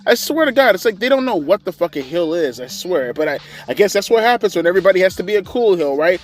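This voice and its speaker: A man's voice: sits high, sing-song, quick pace. Sarcastic ranting man reviewing wrestling. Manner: sarcastic, profane, rambling. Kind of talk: casual review rant.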